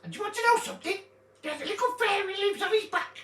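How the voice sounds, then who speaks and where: A man putting on squeaky sing-song baby-talk voice. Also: expressive, quick pace. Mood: playful. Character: squeaky playful male "Uncle Pussycat" for babies. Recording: roomy, distant mic, noisy background.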